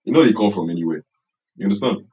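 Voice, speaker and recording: A man's voice: fairly low pitch, animated, fast talker, lo-fi sound, noisy background. A young man from Nigeria with a Nigerian accent, chatting casually on a podcast and leaning on "bro" and "I swear.". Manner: slangy, repeats "bro" and "I swear". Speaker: podcast co-host. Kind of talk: casual chat. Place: Canada, recorded on a call.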